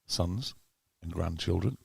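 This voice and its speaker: A man's voice: low-pitched, takes it slowly, vocal fry, breathy edge. A man doing chatty live commentary on a club cricket match, teasing his co-commentator. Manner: chatty, teasing, gets excited at wickets.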